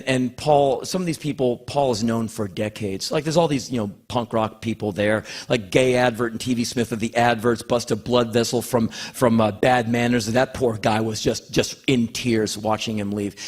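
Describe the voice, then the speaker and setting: Animated male spoken-word storyteller. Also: mid-range voice. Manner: animated, acts out quoted voices; rambling, repeats words when emotional.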